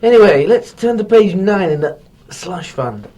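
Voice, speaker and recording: A woman's voice: mid-range voice, expressive, moderate pace, mellow, natural voice. A woman voicing a pompous, condescending severed head of a male cemetery landlord.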